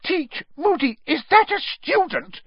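A stern, proper older witch professor, voiced by a male narrator in a raised voice, prim and indignant. The voice sounds husky, and the recording is dull and dry. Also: high voice, wildly swooping pitch, normal speed, dry recording, pitched above the performer's own voice, full character voice. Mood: shocked, indignant.

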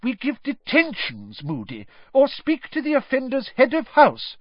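A stern, proper older witch professor, voiced by a male narrator in a raised voice, prim and indignant. The voice sounds husky, and the recording is dull and dry. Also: very high voice, huge pitch swings, a little slow, no echo, pitched above the performer's own voice, heavily acted. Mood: shocked, indignant.

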